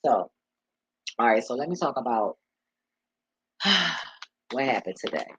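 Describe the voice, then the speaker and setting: A man's voice: medium pitch, sing-song, slow, fairly bright tone, muffled recording, a little hiss or hum. A man talking casually in a vlog, rambling and profane as he tells stories and laughs along the way. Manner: loose, profane, laughing storyteller. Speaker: vlogger and delivery driver.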